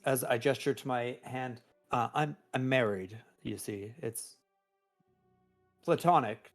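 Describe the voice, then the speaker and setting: A man playing a tabletop role-playing game, speaking in character as a courteous, hesitant gentleman who often restarts his words. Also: medium pitch, slow, soft background music. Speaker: player.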